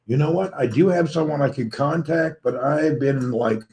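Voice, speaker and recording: A man's voice: on the high side, normal speed, a little mellow. A man with a Southern US accent hosting a casual livestream, greeting viewers by name and chatting, his voice tired and a little crackly from lack of sleep. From Tennessee, USA. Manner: friendly, greets viewers one by one. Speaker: livestream host. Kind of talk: casual livestream chat, reading out viewer comments.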